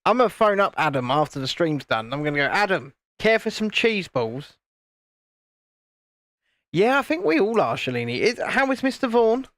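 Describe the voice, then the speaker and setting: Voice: mid-range voice, sing-song, fast talker, hardly any pauses, fairly bright tone, no room sound, studio quality. Chatty British livestream host. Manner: chatty, reads chat messages aloud, laughs often. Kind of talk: casual live chat while building. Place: home, indoors, in the evening. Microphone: phone camera.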